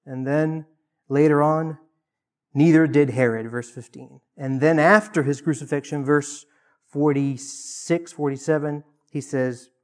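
A man preaching a sermon in an earnest way. He swings between loud emphasis and hushed, quiet asides. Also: on the high side. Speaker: pastor.

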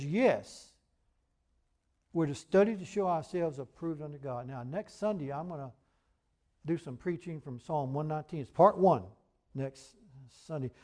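A man preaching a sermon, earnest and emphatic, who reads scripture aloud in a measured cadence. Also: on the high side, warm tone. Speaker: pastor.

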